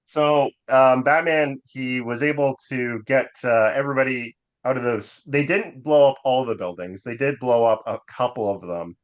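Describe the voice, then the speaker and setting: A man co-hosting a podcast in casual chat, hesitant with many fillers, slowing down when he turns reflective. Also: mid-range voice, dull audio. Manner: hesitant, many ums and uhs, drifts into slow reflective stretches. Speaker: podcast co-host.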